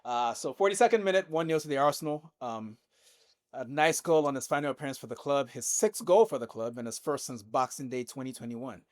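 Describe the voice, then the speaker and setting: A man's voice: mid-range voice, brisk, no echo. A man talks through a football match on a casual podcast, cracking jokes and swearing freely as he goes. His voice sits in a middle range and sounds dry and close. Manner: profane, jokey, recaps match moments. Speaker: podcast host.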